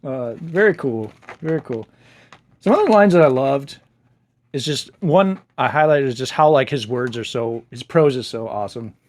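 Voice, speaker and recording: A man's voice: medium pitch, lively intonation, normal speed, a little mellow. A man casually reviewing a book he loved, enthusiastic and chatty, laughing easily.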